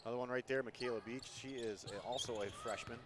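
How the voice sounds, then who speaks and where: A man doing color commentary for a high school basketball game on a headset, easygoing with quick reactions. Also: steady tone. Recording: noisy gym feed.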